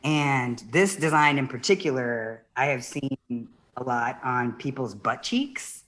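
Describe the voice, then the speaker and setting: A woman born in the Philippines performing a virtual stand-up set over a video call, rambling and giggling mid-sentence and dropping into soft, quiet asides. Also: very deep voice, animated, unhurried, very noisy. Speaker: stand-up comedian.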